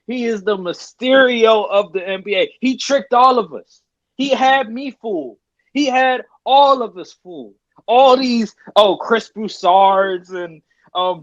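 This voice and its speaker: Podcast host, male, high voice, emphatic repetitive sports rant, dull dry lo-fi recording. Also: no echo. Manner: emphatic, repeats his points.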